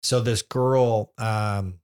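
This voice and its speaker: A man's voice: fairly low pitch, steady tone, drawn-out words, a little mellow, clean tone. A man in his thirties co-hosting a casual podcast with his partner, joking one moment and earnest the next. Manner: joking, earnest, emotional at times. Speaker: podcast co-host. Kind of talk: casual couple chat.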